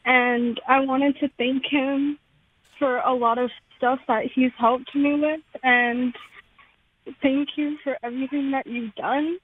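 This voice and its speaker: A woman's voice: high-pitched, level tone, slow, breathy edge, no room sound. A woman calling in to a radio show, nervous and emotional, speaking hesitantly with fillers. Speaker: radio caller. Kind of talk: caller on a radio phone line. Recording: tinny phone line.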